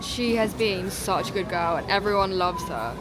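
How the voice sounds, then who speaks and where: A British woman chatting to camera in a travel vlog, gushing and excitable. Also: mid-range voice, moderate pace. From Britain. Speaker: travel vlogger. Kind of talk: casual vlog chat to camera.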